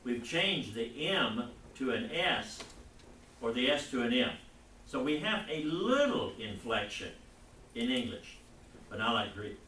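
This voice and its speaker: A man teaching a Bible class, lecturing in a rambling, halting way and putting questions to the class. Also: mid-range voice, big pitch swings, sharp tone, a little hiss or hum. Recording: echoey classroom recorded from far off.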